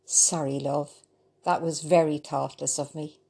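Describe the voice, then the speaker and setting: A woman reading the lines of a homely, proud older mother in a storybook, slow and low. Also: level tone, vocal fry, darkish tone, husky, heavily acted. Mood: motherly.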